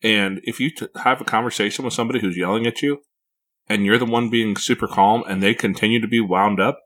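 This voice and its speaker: A man's voice: on the low side, steady tone, fast, a bit bright. A man hosting a casual podcast conversation as a parent, speaking reflectively with frequent repeated words.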